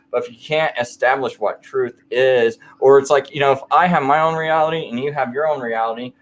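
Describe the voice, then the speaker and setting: A man recounts his own story in an easygoing late-night conversation. His voice sits at an ordinary middle pitch, and his sentences wander, restart and lean heavily on filler words. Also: fairly quick, hardly any pauses. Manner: rambling, filler-heavy storytelling.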